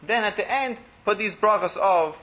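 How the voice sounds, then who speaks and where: A man leads a small religious class, stepping through blessings and translating each one. His voice is bright and a little higher than most men's, and he often sinks into a soft, trailing murmur as he explains. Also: normal speed. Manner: explanatory, translating Hebrew phrases line by line, often trails off quietly. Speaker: Torah class teacher.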